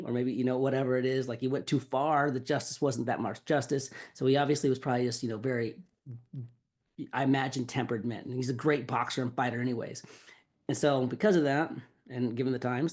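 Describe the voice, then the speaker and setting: A man's voice: medium pitch, darkish tone. A man hosting a podcast, talking casually and rambling, with lots of filler words and swearing. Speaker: podcast host. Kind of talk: casual song breakdown.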